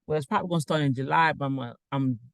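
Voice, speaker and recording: A man's voice: fairly high pitch, very fast, vocal fry, fairly bright tone, no echo. A man giving a casual, rambling online talk as a financial coach, preaching with asides while sharing his screen.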